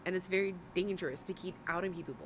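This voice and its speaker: A woman's voice: lowish voice, fairly even intonation, quick pace, noisy background. A woman streamer in casual commentary, worn out from hours of talking, rambling and breaking off with giggles. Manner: rambling, self-interrupting, giggly. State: tired from long talking.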